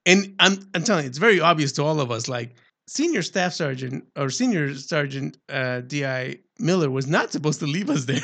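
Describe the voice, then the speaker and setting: A man casually telling a lively, profane story with frequent laughter. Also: a little high. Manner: animated, swearing, laughs while telling stories. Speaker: former Marine recruit.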